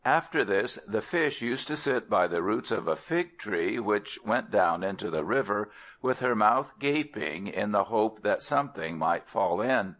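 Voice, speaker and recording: A man reads a folk tale aloud in a slow, measured storybook style. His low voice has a lively, expressive rise and fall. The recording is dull and lo-fi. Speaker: audiobook narrator. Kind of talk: storybook narration.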